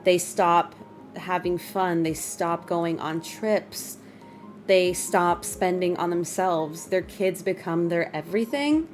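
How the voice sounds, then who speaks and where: A young adult woman streamer chatting casually with her viewers, emotional and quick to laugh. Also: medium pitch. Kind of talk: casual live-stream chat. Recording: faint music behind.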